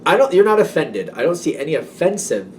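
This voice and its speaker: A man's voice: on the high side, very animated, a little fast, far from the mic, slight background noise. A man giving a casual tarot reading, rambling and self-doubting, with many fillers. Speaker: tarot reader.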